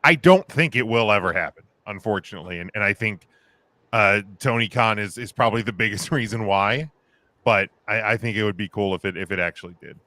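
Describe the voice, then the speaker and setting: A man's voice: fairly low pitch, a little fast, pushed and bright, dry recording. A man hosting a casual podcast chat, hesitant and joking, with many fillers and restarts.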